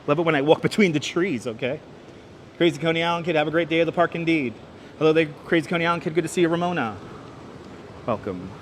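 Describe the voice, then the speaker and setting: Speaking fast and in a fairly high register, this upbeat man hosts a walking livestream around city streets and a large indoor station hall. He reads the chat and greets viewers by name, picked up by a wireless clip-on mic with slight background noise.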